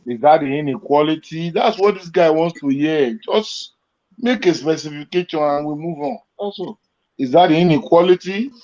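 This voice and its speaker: A man's voice: on the high side, normal speed, a little mellow, dull audio. A man in an online discussion demanding a specific answer, addressing the other speaker politely as sir. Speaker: questioner.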